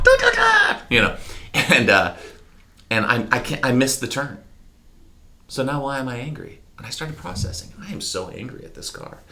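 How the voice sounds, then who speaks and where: Deep-voiced man telling candid stories. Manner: candid, animated, mimics horn sounds. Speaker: interview guest. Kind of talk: reflective conversational storytelling.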